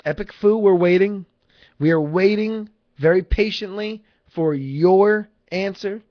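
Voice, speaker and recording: A man's voice: high voice, a little slow. Profane rambling man on a livestream. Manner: rambling, profane, joking with chat. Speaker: livestream host. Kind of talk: casual livestream chat. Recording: lo-fi livestream audio.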